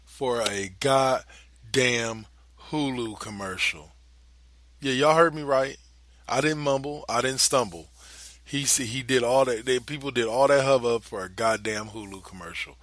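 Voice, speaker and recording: A man's voice: mid-range voice, moderate pace, a bit bright, dry recording. A man hosting a podcast, giving casual, profane commentary with laughing asides. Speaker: podcast host.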